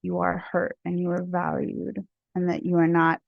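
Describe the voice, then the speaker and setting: A woman from India speaking in a talkative, expressive way. She is a guest speaker in a discussion and drifts into tangents. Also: lowish voice, normal speed, creaky, no room sound, phone-quality sound. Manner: talkative, expressive, easily sidetracked. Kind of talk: casual discussion.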